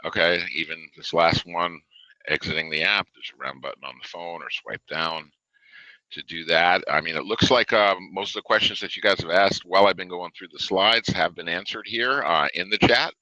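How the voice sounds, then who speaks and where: A low-pitched man talks through a product webinar in an easygoing, chatty way, full of "uh" and "you know." His voice is bright and forward, and the sound is dry and close with no room echo. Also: normal speed, lo-fi sound. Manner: loose and conversational, many fillers. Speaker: webinar presenter. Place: home or office desk, reading a live chat.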